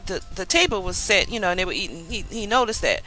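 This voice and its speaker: A woman's voice: medium pitch, animated, quick pace, sharp tone, faint music behind, low-quality recording. A woman casually recapping a TV episode, chatty, with lots of fillers and asides. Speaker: TV recap vlogger.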